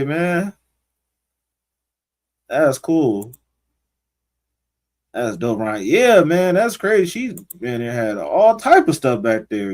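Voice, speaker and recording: A livestream host with a slightly high, darkish male voice reads out viewers' comments and reacts to them. His talk is loose and slangy, aimed straight at his audience.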